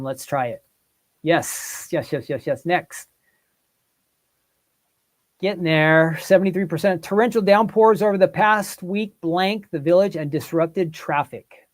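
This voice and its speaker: Guy hosting a live chat quiz, talks in a higher register, keeps asking the chat what they think. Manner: thinks aloud, polls the chat. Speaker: livestream host.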